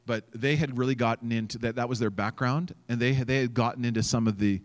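A male pastor preaches from a church stage, telling a story with lots of energy. His pitch sits in the middle range for a man, and he acts out the quotes while filling his sentences with casual fillers. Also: fairly even intonation, fast. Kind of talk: sermon storytelling.

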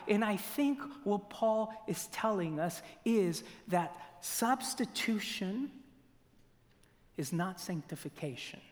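A man preaching a sermon in a church, asking rhetorical questions and swinging between loud emphasis and near-whispers. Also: sits high, animated. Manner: slow, deliberate delivery with rhetorical questions. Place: church sanctuary. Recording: long church reverb.

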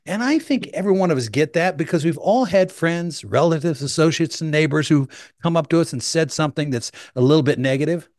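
A man's voice: on the high side, a little fast, a little mellow, dry recording, studio quality. A male pastor giving an enthusiastic, conversational sermon, explaining things in a chatty way.

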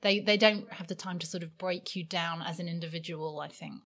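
A woman who does voiceover and comedy acting, chatting casually in a small cafe, self-deprecating and quick to laugh. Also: on the low side, fairly even intonation, a bit bright. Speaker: voiceover artist and comedy actor. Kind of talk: casual chat.

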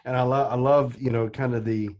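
A man's voice: medium pitch, fairly even intonation, fairly quick, a little mellow. A man co-hosting a podcast, reflecting aloud in a thoughtful, searching way. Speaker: podcast co-host. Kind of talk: interview chat.

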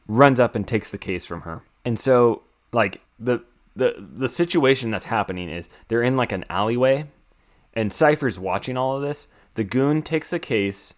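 A young man chats casually on a podcast, rambling through a film's plot. He gets excitable and swears freely. His voice sits in an ordinary middle range. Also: mid-range voice. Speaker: podcast co-host recapping a film. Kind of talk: casual chat.

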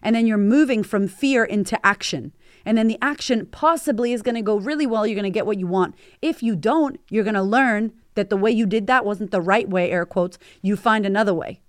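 A woman in her forties, a podcast host, delivers a motivational monologue in a blunt, emphatic way, swearing freely. Her voice sits at a middle pitch. It is recorded close in a dry room with no reverb. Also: brisk. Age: 40s.

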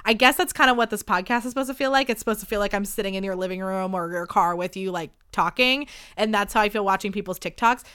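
A woman in her late twenties hosting a podcast, talking in a chatty, self-deprecating way with lots of fillers and sudden jumps in pitch. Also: fast, hardly any pauses, bright, forceful tone, clean tone, dry recording, clean studio sound. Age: late 20s. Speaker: podcast host. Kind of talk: casual confessional chat.

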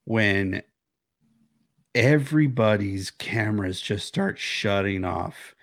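A man co-hosting a casual film podcast from home, telling the story with lively acted-out reactions and frequent swearing. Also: lowish voice, takes it slowly. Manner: animated storyteller, swears freely, acts out reactions. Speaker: podcast co-host. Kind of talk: casual movie-discussion chat. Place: home, recording remotely.

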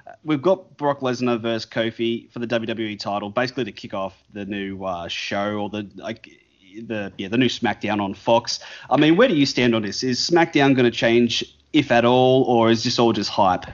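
A man's voice: mid-range voice, normal speed, muffled recording. A man hosting a wrestling radio show, chatting casually with fillers and frequent laughs, recorded in a studio. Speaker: radio host.

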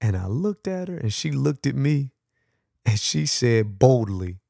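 A man hosting a podcast, telling a personal story with animated, acted-out dialogue and frequent laughs. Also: mid-range voice, unhurried, creaky, dry recording, studio quality. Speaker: podcast host.

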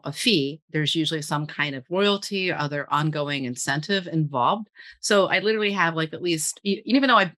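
Low-voiced, bright, chatty middle-aged woman. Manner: chatty, rambling, frequent laughs and restarts. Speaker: guest copywriter. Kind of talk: casual interview chat.

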